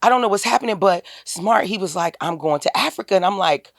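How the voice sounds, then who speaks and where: Woman, animated storyteller on a podcast, mid-pitch voice, dry close sound. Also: quick pace, creaky, no echo. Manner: animated, acts out quoted dialogue in a raised voice. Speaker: podcast guest, tax business owner. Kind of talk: storytelling in a casual interview.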